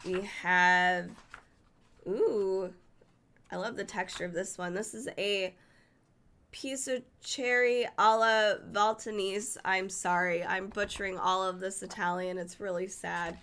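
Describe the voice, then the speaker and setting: Bright-voiced woman chatting through a cookbook. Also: fairly low pitch, little pitch movement, measured pace. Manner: chatty, enthusiastic, stumbles over Italian names. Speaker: cookbook reviewer. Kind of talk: casual book flip-through.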